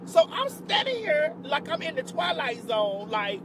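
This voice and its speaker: A woman's voice: sits high, sing-song, measured pace, hardly any pauses, noisy background. A woman telling a dramatic storytime on her vlog, sassy and profane, with bursts of exclamation. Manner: exclamatory outbursts of disbelief. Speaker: vlogger.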